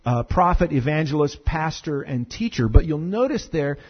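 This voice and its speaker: Animated husky-voiced male pastor. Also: on the high side, normal speed, dull audio. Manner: conversational, animated, many fillers and repeated words. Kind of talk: sermon.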